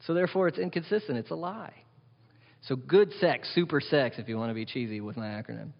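A man preaching a sermon as pastor, animated and wry, asking the congregation questions. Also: mid-range voice, a little fast, in a large hall, highs cut off. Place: church hall.

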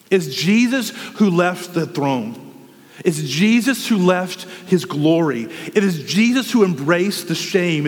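A man's voice: sits high, big-room sound. A man preaching a sermon, working through rhetorical questions with fervent, impassioned delivery. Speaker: pastor.

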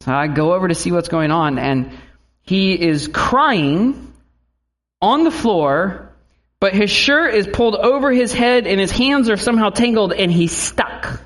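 A man's voice: sits high, expressive, unhurried, fairly bright tone. A man in his thirties, a pastor giving a conversational sermon who acts out quotes and family stories.

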